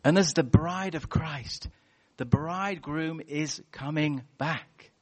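A man preaching a sermon in a church, animated and chatty, telling stories and acting out voices. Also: a little high, slow, breathy edge. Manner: animated, storytelling with acted-out voices.

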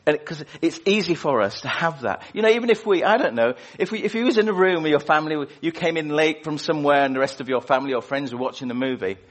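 A man's voice: a little high, quick pace, few pauses. Man preaching conversationally. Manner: informal, conversational, asks the congregation questions. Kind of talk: prayer and sermon. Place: church service.

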